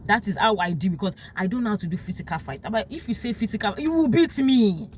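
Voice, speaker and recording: A young Nigerian woman with a Nigerian accent talking about her life in casual storytelling, emotional and quick to act out what others said. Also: medium pitch, slight background noise. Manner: emotional, animated, quotes others in sharp raised tones.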